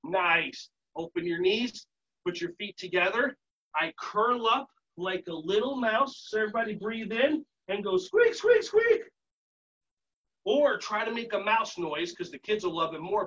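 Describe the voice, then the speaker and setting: A man teaching a live online yoga warm-up to teachers, coaching with playful, upbeat cues. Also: high voice, moderate pace, slightly rough, dull audio. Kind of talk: live virtual workshop instruction. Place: home setting.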